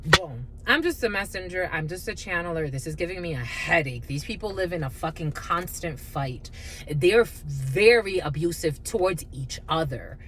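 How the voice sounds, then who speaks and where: A woman's voice: fairly low pitch, expressive, moderate pace, slight background noise. A woman giving a spiritual card reading in a blunt, profane, heated rant. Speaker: tarot reader.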